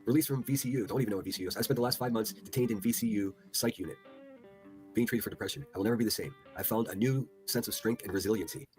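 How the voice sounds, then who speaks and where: A man's voice: on the low side, racing, a little mellow, faint music behind. A man hosting a livestream, reading posts aloud with incredulous, profane commentary. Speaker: livestream host.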